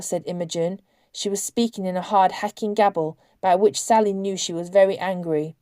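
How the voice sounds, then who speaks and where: A woman reading a novel aloud as narrator, in a measured, expressive storytelling manner. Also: lowish voice, no echo. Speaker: audiobook narrator.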